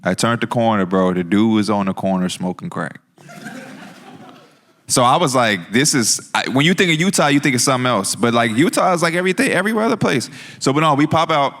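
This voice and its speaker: A man's voice: medium pitch, lively intonation, brisk, a bit bright. A man co-hosting a live podcast, telling a story in a slangy, laughing way. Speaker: podcast co-host.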